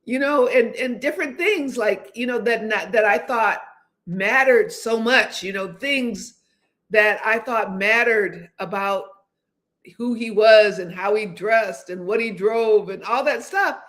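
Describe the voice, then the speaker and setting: An older woman in her seventies chats casually on her livestream, her voice sitting a bit high. She rambles along, often restarting and hesitating before she finds her words. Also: measured pace, fairly bright tone. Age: 70s. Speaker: host.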